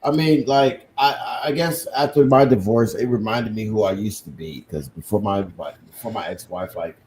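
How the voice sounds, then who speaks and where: A man's voice: fairly low pitch, normal speed, darkish tone, a little hiss or hum. A man co-hosting a casual stream chat, talking loosely, swearing and trailing off. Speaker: co-host.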